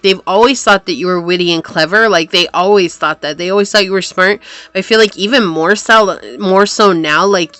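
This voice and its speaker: A woman reading tarot cards for her viewers. She talks earnestly and thinks aloud as she works through the spread, in a slightly low but bright, forceful voice. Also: dry recording. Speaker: tarot reader. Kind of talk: pick-a-card tarot reading.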